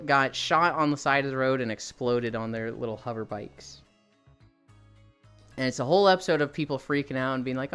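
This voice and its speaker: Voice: mid-range voice, a bit bright. A streamer chatting casually and rambling on a live stream while walking, swearing freely as they talk.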